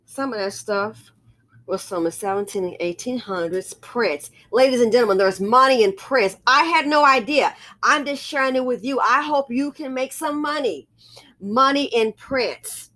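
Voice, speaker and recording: Woman vlogger, slightly high voice, excitable rambling storyteller, casual monologue to camera. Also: normal speed.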